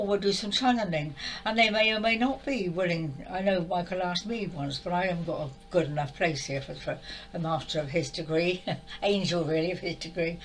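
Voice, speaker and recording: In this rough recording, a fairly low-pitched older woman delivers a tearful, exasperated monologue to camera. She keeps repeating herself while venting, upset, about spiritual channelling.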